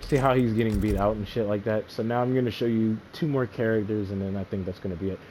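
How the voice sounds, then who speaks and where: A man's voice: lowish voice, steady tone, quick pace, a little mellow, a little hiss or hum. A man giving a casual gameplay tutorial as a fighting game player, explaining loosely and often checking in with the listener.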